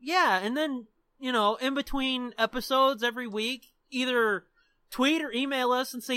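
A young man hosts a podcast and talks in a loose, joking way, loud and full of swearing. His voice is bright and forceful, and it sits at a middle pitch. The sound is dry and close, with no room echo. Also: normal speed, clean tone. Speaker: podcast co-host. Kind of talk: casual chat.

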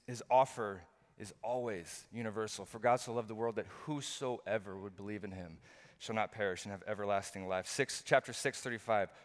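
A middle-aged male pastor preaching a sermon, earnest and repetitive, full of rhetorical questions. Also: lowish voice. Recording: long hall reverb.

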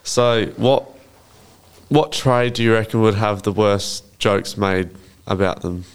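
A teenage man co-hosting a casual student podcast and telling short jokes in a deadpan way. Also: fairly low pitch, slow, clean tone.

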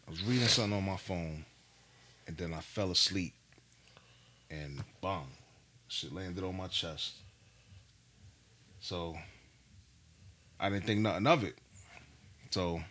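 A man telling a story in a casual chat, animated and profane, full of slang. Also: low-pitched, a little hiss or hum.

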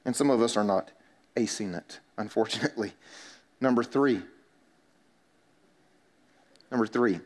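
A man's voice: mid-range voice, measured pace, pauses often. A male pastor preaching a sermon in a conversational way, joking with the congregation and acting out little everyday dialogues.

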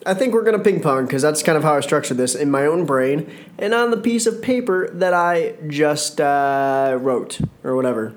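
A man's voice: fairly high pitch, animated, normal speed. A man giving casual solo commentary on a wrestling show, rambling, joking and correcting himself as he goes. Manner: rambling, self-correcting, jokey.

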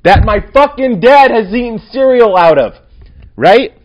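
A young man hosting his own podcast, rambling and swearing in a casual rant that swings from mumbles to loud outbursts. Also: very high voice, expressive, unhurried, dry recording, dull audio. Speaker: podcast host.

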